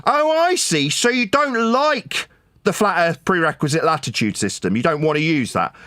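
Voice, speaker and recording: Furious high-voiced man hurling insults. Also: animated, moderate pace, no room sound, clean studio sound. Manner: shouting insults, mocking, repetitive. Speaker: debate caller. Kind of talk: heated online debate.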